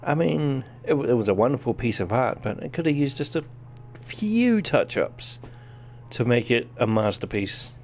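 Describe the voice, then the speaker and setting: A man's voice: mid-range voice, big pitch swings, moderate pace, darkish tone, a little hiss or hum. A man with a New Zealand accent giving casual live-stream commentary while playing a game, chatting to his viewers as he goes. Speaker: gaming streamer.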